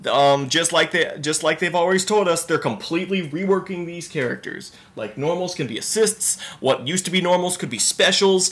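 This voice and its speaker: A man hosting a video game reaction channel, talking excitedly and rambling through reactions and gameplay analysis at home on a built-in laptop mic. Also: a little high. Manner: excitable, exclamatory, rambling with fillers.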